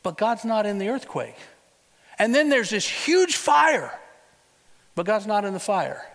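Male preacher, high voice, casual storytelling sermon, asks the congregation questions, long hall reverb. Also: unhurried, gravelly. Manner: lively storytelling with rhetorical questions to the listeners; casual, conversational phrasing. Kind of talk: sermon retelling a Bible story.

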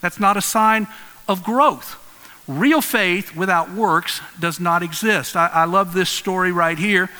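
Earnest male preacher, bright voice, conversational sermon, reverberant church. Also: high voice, a little slow. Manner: earnest, conversational, animated storytelling. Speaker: pastor. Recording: long hall reverb.

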